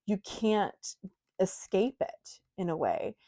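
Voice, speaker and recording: A woman's voice: mid-range voice, very animated, slow, mellow. A young woman giving a casual, intuitive tarot reading to her viewers, talking frankly with lots of fillers and asides. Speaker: tarot reader.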